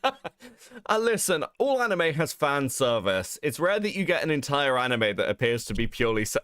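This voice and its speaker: A young man co-hosts a stream in a fairly high voice at a moderate pace, reacting casually with frequent laughs and free swearing. He's animated throughout. The studio sound is clean, with no room sound.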